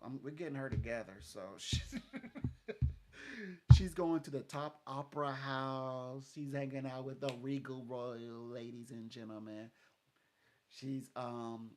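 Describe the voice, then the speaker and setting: With slight background noise behind him, a man doing psychic readings talks casually with a client, rambling, laughing a lot and performing what others said. His mid-range voice is steady, unhurried and darkish.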